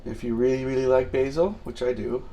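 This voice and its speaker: A man walks through a recipe in his home kitchen, chatting loosely and filling gaps with "uh" and "um." His voice has a gravelly, fry-heavy edge. He teases himself as he goes, in an easygoing cooking-show manner. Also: medium pitch, fairly quick, dark tone. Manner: rambling and self-mocking, with many fillers. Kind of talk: casual cooking demonstration.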